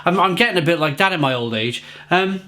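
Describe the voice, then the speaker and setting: A man's voice: fairly high pitch, expressive, brisk, sharp tone. A middle-aged man giving a casual, enthusiastic beer tasting review, often repeating and restarting his words.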